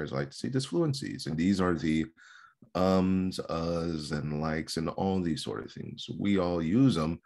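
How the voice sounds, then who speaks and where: Man, extremely deep voice, speech instructor, seminar lecture, emphatic, repeats words. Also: a little mellow. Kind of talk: seminar lecture on public speaking.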